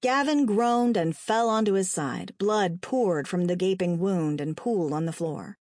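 A woman reading a dark story aloud with a dramatic, expressive delivery. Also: fairly low pitch, measured pace, no echo, studio quality. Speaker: narrator.

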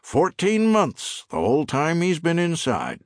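A man's voice: a little high, huge pitch swings, a little slow, no echo, studio quality, voice pushed up, full character voice. A man voicing a matter-of-fact male prison assistant warden who gives short, laconic replies.

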